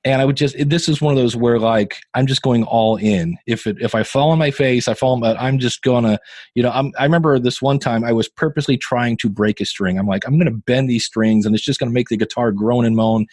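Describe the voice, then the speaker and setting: Animated fifty-something man telling stories. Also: mid-range voice, fairly quick, dry recording. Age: 50s. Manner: animated, self-deprecating storyteller. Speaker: podcasting guest. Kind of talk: casual interview talk.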